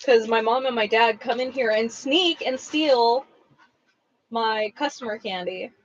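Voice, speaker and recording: Chatty rambling woman, slightly high voice. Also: a little slow, lo-fi sound. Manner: rambling, chatty, blunt with mild swearing. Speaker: craft shop owner packing orders. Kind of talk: casual livestream chat.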